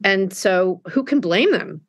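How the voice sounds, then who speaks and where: A middle-aged woman author being interviewed, telling candid stories in a lively way with frequent restarts. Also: medium pitch, slow pace, no echo, studio quality. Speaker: author guest. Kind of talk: conversational interview.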